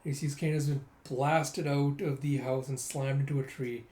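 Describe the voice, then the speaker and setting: A man casually recapping a comic story in an animated way, acting out the lines. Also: mid-range voice, normal speed. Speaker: manga recapper. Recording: roomy echo.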